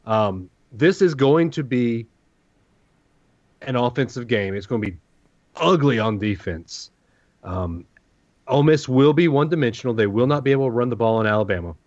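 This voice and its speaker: A man from the Southern US talks football in a relaxed podcast chat, laying out his picks with steady confidence and plenty of analysis. His voice sits at a middle pitch. The recording is dry and a little dull, as if captured on a modest mic. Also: moderate pace, pauses often, no room sound. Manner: confident, analytical game predictions. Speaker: podcast co-host. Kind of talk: casual sports chat.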